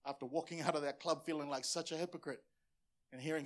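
A man's voice: fairly high pitch, fairly even intonation, quick pace. A man in his forties from Samoa, a pastor preaching a sermon in an earnest, passionate way and often repeating words as he presses a point.

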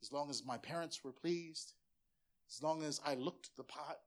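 With a slightly high, somewhat bright voice at a moderate pace, a man in his forties from Samoa delivers a sermon. He's an earnest, passionate pastor who repeats words often as he drives a point home.

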